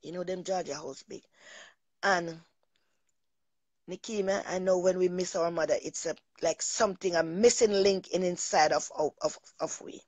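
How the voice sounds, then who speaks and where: A woman's voice: fairly low pitch, fairly even intonation, moderate pace, darkish tone, dry recording. A middle-aged woman hosting a talk show, telling a personal story in an emotional, rambling way and often repeating herself.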